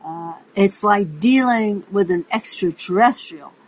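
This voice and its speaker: A woman's voice: medium pitch, measured pace, poor audio. A woman hosting a podcast, telling a first-person story with theatrical flair and speaking straight to the listener. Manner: theatrical, acts out quoted voices; addresses listener directly, playful. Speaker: podcast host and narrator.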